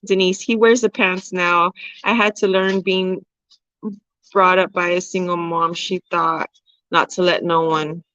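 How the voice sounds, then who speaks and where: A woman's voice: on the low side, little pitch movement, measured pace, fairly bright tone, clean tone, no room sound. Woman in her forties, livestream host, candid and casual, laughs a lot, dry close sound with a dull edge. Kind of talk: casual livestream chat reading comments.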